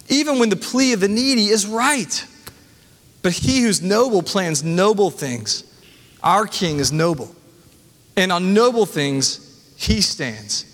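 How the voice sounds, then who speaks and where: A man's voice: high voice, a bit bright, big-room sound. A man in his thirties, a pastor preaching a sermon and reading scripture with personal asides.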